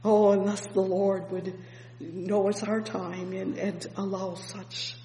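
Slow fervent preacher in an echoey hall. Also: medium pitch, level tone. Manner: fervent, peppered with "oh, yes" and "praise the Lord", swinging between loud and hushed. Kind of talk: sermon. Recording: echoey hall with faint hum.

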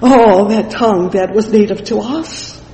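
Slow fervent preacher in echoey hall. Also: medium pitch, warm tone, a little hiss or hum. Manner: fervent, punctuated with "praise the Lord"; frequent "you know" fillers and restarts. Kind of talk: sermon with scripture reading. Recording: echoey hall with long reverb.

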